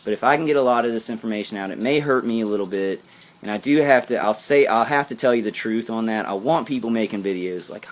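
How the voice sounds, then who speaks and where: A man talking casually to his viewers, rambling and earnest, often breaking off and restarting his sentences. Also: medium pitch. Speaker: vlogger.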